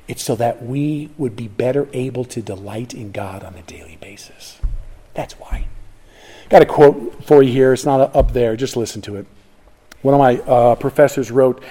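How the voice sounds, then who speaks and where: A middle-aged man preaching a sermon in a fairly high voice. He is emphatic and restless, dropping to near-whispers and then climbing loud, often restarting his phrases. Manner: emphatic, swings from hushed to loud, frequent restarts. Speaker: pastor.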